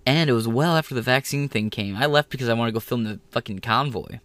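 Here is an American man in a heated, profanity-laden rant, his voice sitting at a middle pitch. He is recorded dry, with no room sound around him, and he slips into mocking impressions of the people he talks about. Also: fast talker, a bit bright, no room sound. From United States. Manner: profane, heated, swears constantly; mocks others by mimicking them. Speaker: vlogger. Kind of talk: ranting monologue.

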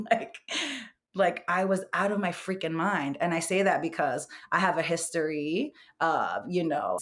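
A woman with a somewhat low-pitched voice tells her own story as a podcast guest. She speaks openly and casually, leaning on plenty of verbal fillers. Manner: candid, animated, heavy use of "like" and "you know". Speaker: guest psychic medium.

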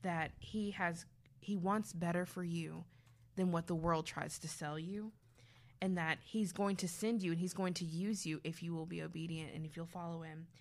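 A woman co-hosting a casual faith talk, telling lively stories and acting out what people said. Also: on the low side, moderate pace. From grew up youngest of five. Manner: animated storytelling, acting out quotes. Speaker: podcast co-host.

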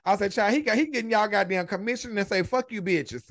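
A man hosting a casual gossip podcast over a video call, animated and profane, retelling quotes with dramatic flair. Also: high voice, quick pace, no room sound, clean studio sound. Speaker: podcast host.

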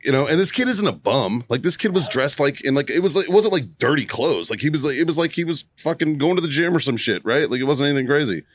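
A man's voice: fairly high pitch, fast, few pauses. A man telling a story with lots of swearing and frequent laughs in a casual podcast chat among friends. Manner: profane, laughing often, animated retelling. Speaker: podcast co-host.

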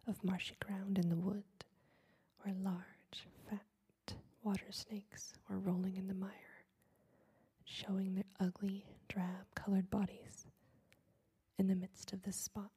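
A woman reading a fairy tale aloud in a soft, unvoiced whisper for ASMR. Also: medium pitch, breathy edge, low-quality recording. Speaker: storyteller.

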